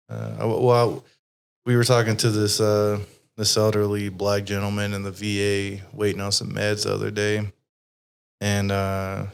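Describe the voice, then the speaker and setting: A man talking in a low, even, unvaried voice. He hosts a casual interview chat, rambling through his thoughts with fillers and frequent swearing. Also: clear, resonant tone. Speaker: podcast host.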